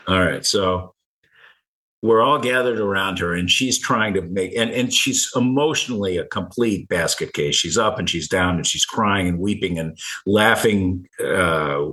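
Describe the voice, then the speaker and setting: Deep-voiced man telling a halting story. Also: pushed and bright, low-quality recording. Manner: halting, repeats words, chuckles. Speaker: guest. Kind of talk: personal story in conversation.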